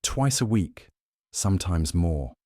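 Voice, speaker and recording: Casual: man playing a guarded clipped doctor, defensive, deep dry voice. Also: lively intonation, takes it slowly, darkish tone, no echo, full character voice.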